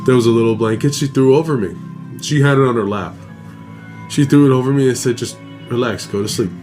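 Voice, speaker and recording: A man's voice: medium pitch, fast talker, darkish tone, faint music behind. A man hosting a show, reading a listener's ghost story aloud in a casual, dramatic way with his own asides. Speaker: host.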